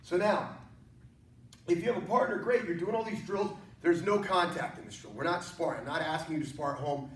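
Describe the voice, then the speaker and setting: A man's voice: on the high side, fairly quick. A man teaching an online martial arts class, coaching with energy and jokes. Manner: energetic, joking, encouraging coaching. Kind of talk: online workout class instruction. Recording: echoey room, mic at a distance, faint noise.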